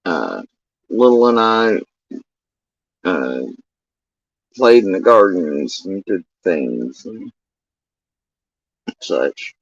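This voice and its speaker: Slow, rambling middle-aged man, lo-fi. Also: deep voice, big pitch swings, slightly rough, no echo. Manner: profane, meandering, drawn-out. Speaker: livestreamer. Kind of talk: casual rambling chat. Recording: dull lo-fi dry sound.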